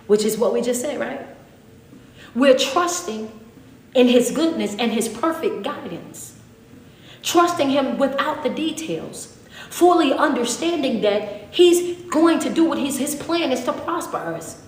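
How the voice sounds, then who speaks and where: A woman's voice: sits high, lively intonation, measured pace. A woman, preaching fervently in a repetitive call-and-response style to a live chat. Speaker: motivational speaker. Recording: echoey room with long reverb.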